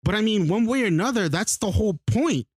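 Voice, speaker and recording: A man's voice: high voice, lively intonation, quick pace, slightly rough, no echo. A man co-hosting a podcast, arguing heatedly in a casual debate, swearing often and talking over the other speaker. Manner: argumentative, swears a lot, talks over others. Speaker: podcast co-host.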